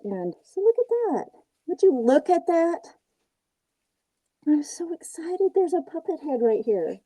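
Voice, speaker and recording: A woman's voice: high voice, big pitch swings, a little slow, warm tone, pitched above the performer's own voice. A woman voicing a laid-back teenage male ninja turtle with a surfer-dude drawl. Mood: excited.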